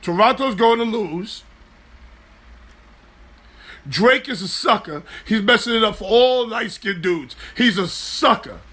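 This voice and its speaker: A man hosting a live sports talk show, animated, joking loosely and swearing freely. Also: high-pitched, takes it slowly, long pauses. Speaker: host.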